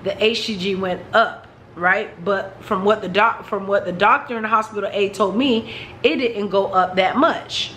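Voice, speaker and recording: A woman's voice: mid-range voice, moderate pace, fairly bright tone, slight background noise, poor audio. A woman vlogger telling a personal story in a frank, chatty way, talking straight to her viewers.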